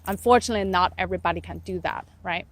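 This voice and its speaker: A woman's voice: lowish voice, very fast, a bit bright, no room sound. A woman dog trainer giving casual advice while walking dogs outdoors, often tagging her points with "right?" and stopping to praise the dogs. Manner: keeps adding "right?" tags, breaks off to praise dogs. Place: outdoors on a walk.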